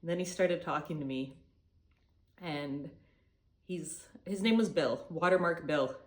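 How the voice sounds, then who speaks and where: Young canadian woman vlogging, chatty and swears a lot, lowish voice. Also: measured pace. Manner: chatty, swears freely, retells dialogue animatedly. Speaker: travel vlogger. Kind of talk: casual storytelling vlog.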